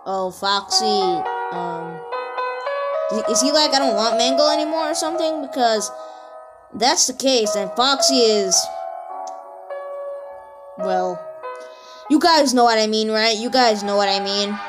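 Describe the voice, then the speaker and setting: Woman, highish voice, rambling reaction chatter, excitable, music playing under the voice. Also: slow, long pauses. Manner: rambling, excitable, talks straight to viewers. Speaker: reaction video host. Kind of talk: casual reaction commentary. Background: video music playing.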